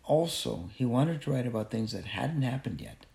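A man narrating a children's novel aloud in an expressive, unhurried way. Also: mid-range voice, creaky. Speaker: audiobook narrator. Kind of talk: storybook narration.

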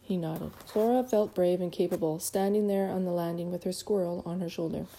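Mellow-voiced woman narrating an audiobook. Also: fairly low pitch, brisk, gravelly. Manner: lively and expressive, with occasional stumbles.

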